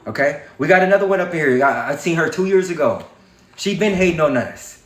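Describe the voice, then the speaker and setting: Defiant, high-voiced man in an echoey room. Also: animated, a little fast, a bit bright. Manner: defiant, preachy, heavy swearing. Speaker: livestream host. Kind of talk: fiery livestream monologue.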